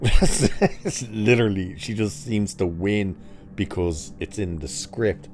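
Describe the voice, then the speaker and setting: A man with a mellow, fairly low voice delivers a ranting episode review. He is sarcastic and mocking throughout and swears casually. His tone stays dark and relaxed, never bright. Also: slow pace, faint music behind. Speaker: TV review vlogger.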